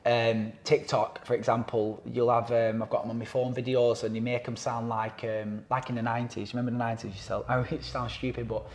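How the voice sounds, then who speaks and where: An anti-knife-crime campaigner, guesting on a podcast, talks casually in a medium-pitched voice, briskly and with few pauses. He rambles with fillers and restarts, an animated storyteller who acts out quotes in voices. Slight background noise is present.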